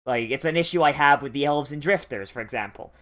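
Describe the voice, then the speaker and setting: A rambling anime reviewer who talks through a reaction in a loose, casual way. The speech swears often and keeps stopping and restarting its sentences, sitting at a middling pitch. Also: fast, fairly bright tone. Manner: rambling and profane, full of fillers and restarts.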